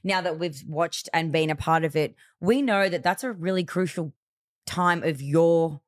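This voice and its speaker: Low-voiced woman, blunt. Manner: blunt, quick to react, quotes people. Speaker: podcast co-host. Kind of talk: casual podcast chat.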